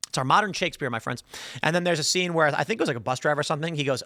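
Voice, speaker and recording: A man's voice: a little high, lively intonation, very fast, sharp tone. A man from Chicago hosting a solo political commentary and arguing his opinions, often restarting his sentences. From Chicago, United States. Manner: opinionated and argumentative, with frequent restarts.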